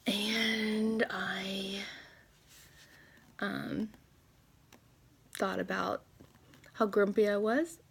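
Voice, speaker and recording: A woman in her thirties venting to her phone camera in a personal vlog, emotional, close to tears and laughing between words. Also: mid-range voice. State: close to tears, trying to hold it together. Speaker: vlogger.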